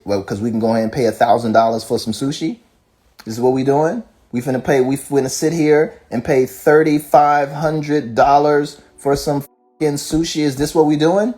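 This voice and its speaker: A rapper ranting casually, profane and fired up, firing off rhetorical questions. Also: male voice, medium pitch, fairly even intonation, normal speed, dark tone. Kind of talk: casual rant.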